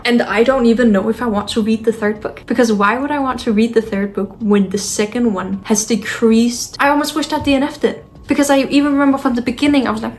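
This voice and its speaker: A fed-up woman with a slightly high voice vents to camera from home. She sighs, swears bluntly and sounds thoroughly exasperated. Faint noise sits behind her. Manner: frustrated, ranting and swearing. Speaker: book vlogger. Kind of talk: casual vlog talk to camera.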